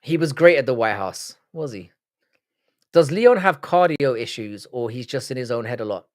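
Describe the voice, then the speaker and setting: A man's voice: mid-range voice, animated, normal speed. A young man from Cork with an Irish accent, hosting a casual livestream and answering viewer comments in a blunt, sweary, rambling way. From Ireland. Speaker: livestream host. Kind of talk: casual live-stream chat reading viewer comments.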